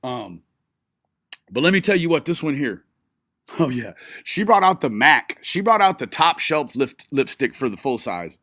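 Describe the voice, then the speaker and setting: A man's voice: medium pitch, sing-song, measured pace, a bit bright, no room sound. A man giving profane, mocking commentary on a stream he is watching, often breaking into laughter. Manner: mocking, swearing, frequent laughing. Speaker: streamer reacting to a live video.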